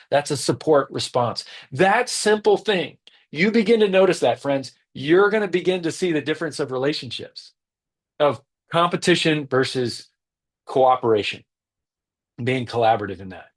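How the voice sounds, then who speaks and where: A man's voice: on the high side, lively intonation, moderate pace. A man giving an earnest teaching talk on leadership who stresses his key points by repeating them.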